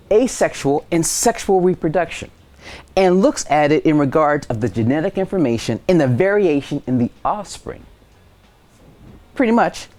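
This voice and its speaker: A man teaching high school science in a video lesson, telling stories with playful voices for the people he quotes. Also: darkish tone.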